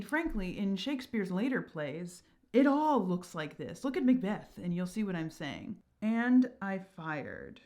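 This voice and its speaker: A woman explaining poetic meter in a chatty lesson, reading quoted lines slowly and softly. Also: mid-range voice. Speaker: verse teacher.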